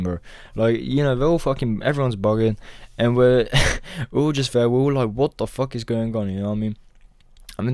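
A man's voice: medium pitch, darkish tone, no echo, clean studio sound. Profane rambling young man. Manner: rambling, profane, peppered with "bro". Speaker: storytime vlogger. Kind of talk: casual storytime.

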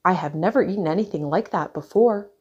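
A woman's voice: fairly low pitch, fairly quick, breathy edge, muffled recording. A woman doing a bold, bossy girl alligator. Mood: delighted. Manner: loud and emphatic.

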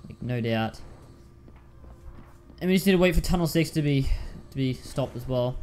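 A man's voice: mid-range voice, expressive, normal speed, darkish tone, a little hiss or hum. A man giving casual commentary while playing a video game, repeating himself and calling listeners dude and man. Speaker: gaming YouTuber.

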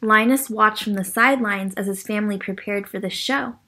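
A woman reading a picture book aloud to children, gently stopping to ask them questions. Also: medium pitch, normal speed, a little hiss or hum. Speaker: children's story reader. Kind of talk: read-aloud storytime for children.

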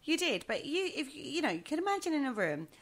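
A woman co-hosting a casual chat show, animated and quick to laugh, leading the discussion. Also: high-pitched, crowd noise. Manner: animated, laughs often, leads the topic. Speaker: podcast co-host.

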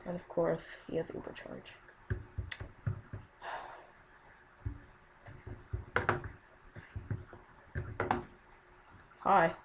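Young woman, gameplay commentary, slow and low-ish, faint clicking behind; frequent exclamations, muttered asides. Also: little pitch movement, noisy background. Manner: exclaims often, mutters under breath.

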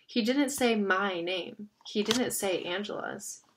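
A woman voicing a bossy, sharp-tongued teenage girl in a read-aloud story. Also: mid-range voice, takes it slowly, a little hiss or hum.

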